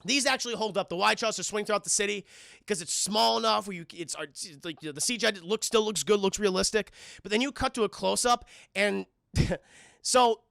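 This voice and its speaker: A man hosting a livestream, casually reviewing a film for his chat in a profane, animated way. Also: high-pitched, fairly quick, creaky, dry recording, studio quality. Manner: acts out lines in put-on voices. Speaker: livestream host.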